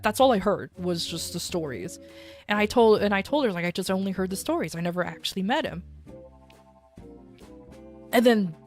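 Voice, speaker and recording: A woman streamer casually telling a long story, rambling with many fillers and restarts. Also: mid-range voice. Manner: rambling, filler-heavy, animated retelling.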